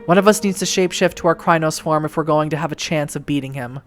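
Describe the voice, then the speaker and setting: A woman voicing a grim male werewolf companion who speaks low and hurried. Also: natural voice. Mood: urgent. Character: calm, grim young male werewolf ally.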